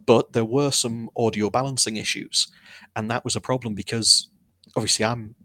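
A man's voice: medium pitch, steady tone, normal speed, pushed and bright. A man, speaking as an author guest in a casual interview, candid and self-deprecating as he tells his story.

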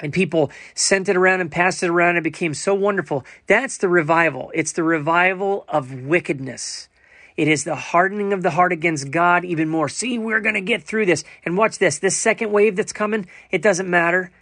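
A man's voice: sits high, brisk, fairly bright tone, dry recording, clean studio sound. A man giving an emphatic sermon monologue, full of rhetorical asides and quoted scripture. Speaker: preacher.

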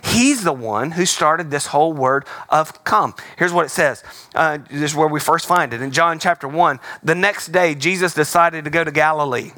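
Pastor, male, high and bright voice, dry close sound, casual sermon delivery with emphatic repeats. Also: normal speed, no echo. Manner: conversational, emphatic, repeats key words.

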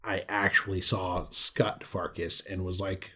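A man's voice: deep voice, flat delivery, unhurried, pushed and bright, breathy edge. A man co-hosting a movie podcast, casually running through an actor's credits and swearing now and then. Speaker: podcast co-host. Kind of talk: casual chat.

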